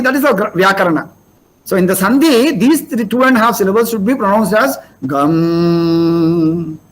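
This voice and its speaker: A man's voice: sits high, low-quality recording. An older man with an Indian English accent giving a spiritual lecture, explaining step by step and asking rhetorical questions. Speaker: lecturer on scripture.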